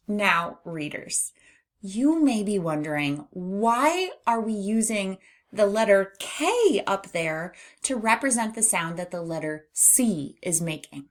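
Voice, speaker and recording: A woman's voice: mid-range voice, animated, slow pace. A woman teaching a children's phonics lesson, speaking in a patient, encouraging way.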